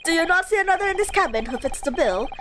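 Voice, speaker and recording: Pompous eccentric gentleman sleuth in a game, put-on English accent, lowered and grandly drawn out, as a woman streamer voices him; game music under it. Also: expressive. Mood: grandiose. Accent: attempted English. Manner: grandiose, theatrical, deliberate. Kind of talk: voicing game dialogue on a live stream.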